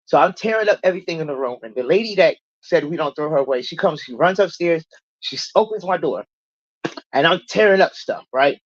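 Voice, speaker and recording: On a casual livestream, a woman recounts her recovery in a fairly quick, blunt, profane way. She animatedly voices the people she quotes at a higher pitch. The sound is dull, with no echo.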